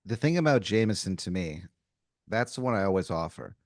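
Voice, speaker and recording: Easygoing low-voiced podcast co-host, casual chat, dry mic. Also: male voice, big pitch swings, fairly quick, no room sound. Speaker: podcast co-host, improv player.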